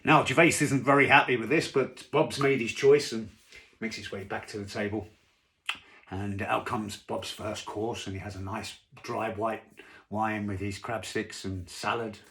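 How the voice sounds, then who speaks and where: A man's voice: lowish voice, steady tone, measured pace, fairly bright tone. A man casually telling a long joke to camera from home, rambling with asides and fillers. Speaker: joke teller. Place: home during lockdown.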